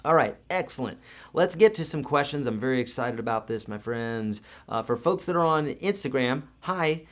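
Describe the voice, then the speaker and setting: A man's voice: mid-range voice, animated, moderate pace. A man teaching guitar in a live online lesson, talking casually and encouragingly with everyday comparisons.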